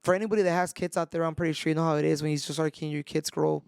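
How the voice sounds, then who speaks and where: A man's voice: a little high, fairly even intonation, racing, creaky, a little mellow, clear, resonant tone, no room sound, clean studio sound. A young man, a podcast co-host, talking about fatherhood in a laid-back casual chat, calling people "bro" and "dude".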